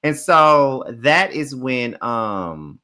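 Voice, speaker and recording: Sassy, bright-voiced man recapping reality TV. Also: medium pitch, very slow. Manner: animated, profane, sassy retelling. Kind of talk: casual reality show recap.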